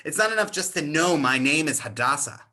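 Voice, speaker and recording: A man teaching an informal Torah class, retelling the story with animated, casual voices for its characters. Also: fairly high pitch, brisk.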